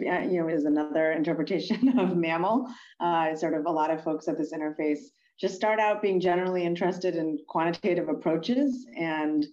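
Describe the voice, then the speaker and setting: A woman from Pennsylvania, speaking as a guest in an interview, thoughtful and halting with many fillers. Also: low voice, mellow, lo-fi sound. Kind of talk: conversational interview answers.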